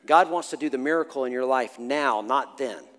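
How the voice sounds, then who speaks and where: A man in his forties preaching a sermon and telling a family story, animated, swinging from hushed to loud and laughing. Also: medium pitch, normal speed. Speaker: pastor. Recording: long hall reverb with faint music.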